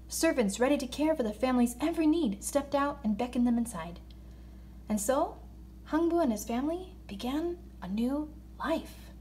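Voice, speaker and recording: A woman reading a children's story aloud in an expressive voice, slowing down for emphasis. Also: a little high. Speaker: narrator.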